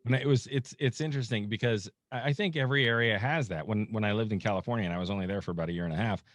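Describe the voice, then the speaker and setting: A man's voice: fairly low pitch, racing, dry recording, clean studio sound. A man from Pennsylvania in a casual chat, telling stories with a wry, mock-exasperated edge. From Wilkes-Barre, Pennsylvania. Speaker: podcast co-host.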